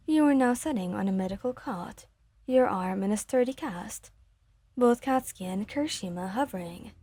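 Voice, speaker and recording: A woman reading a fan fiction story aloud in a gentle, steady manner. Her voice is mellow and breathy, recorded close with a dry sound. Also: on the high side, no echo.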